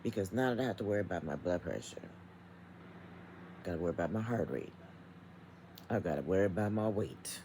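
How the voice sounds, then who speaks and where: A woman's voice: a bass voice, expressive, brisk, long pauses, dark tone, a little hiss or hum, low-quality recording. A middle-aged woman vlogging from home, talking straight to her viewers in an emphatic, chatty rant. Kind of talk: casual vlog rant.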